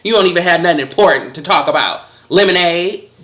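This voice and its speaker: A woman's voice: lowish voice, animated, fast, fairly bright tone, roomy sound. A woman delivering a heated, profane, scolding monologue with a sarcastic edge. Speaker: commentator.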